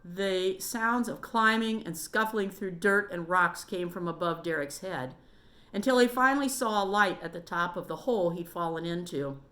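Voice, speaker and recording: A woman reading a children's book aloud in a steady, measured storytelling manner. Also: fairly low pitch, faint music behind.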